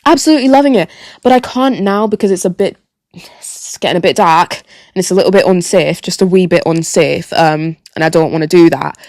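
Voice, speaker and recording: Animated sweary woman. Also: fairly low pitch, no echo, clean studio sound. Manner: animated, sweary, repeats phrases for emphasis. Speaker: podcast host. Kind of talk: casual solo storytelling.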